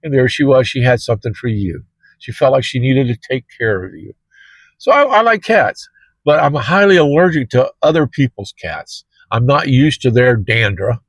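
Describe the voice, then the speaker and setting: A male rideshare driver rambles through a story to his viewers, his sentences packed with "uh"s and restarts. His voice sits at an ordinary middle pitch. The sound is dry and close, with no room echo. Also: expressive, normal speed, breathy edge. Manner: rambling, with many fillers and restarts. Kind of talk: casual storytelling to camera.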